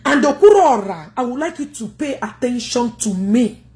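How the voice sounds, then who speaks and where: A woman's voice: on the high side, animated, moderate pace, a little mellow. A woman with a Nigerian Igbo accent, scolding her livestream viewers in a combative rant.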